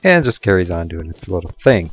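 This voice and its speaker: A young man talks through his gameplay in a relaxed, rambling way. His voice sits deep and low, and he drifts into goofy, self-mocking asides. Faint music plays softly behind him. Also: brisk, breathy edge. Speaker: let's play gamer. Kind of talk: casual gameplay commentary.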